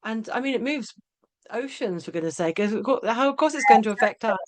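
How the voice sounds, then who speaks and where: Female podcast host, easygoing and halting, full of tag questions and false starts. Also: on the high side, animated. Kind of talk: casual conversational interview.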